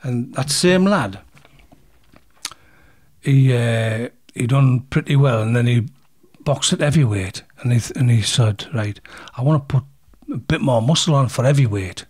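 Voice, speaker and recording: A man with a husky, breathy voice spins a yarn as an interview guest. He talks bluntly, swears freely and acts out the punches as he tells it. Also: mid-range voice, animated, measured pace, a little mellow. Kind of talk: casual storytelling.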